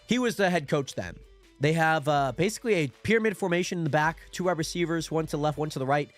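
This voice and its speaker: A young man hosting a fan watch party, giving live football commentary that swings from calm play-by-play to excited shouting. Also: a little high, fast talker, soft background music.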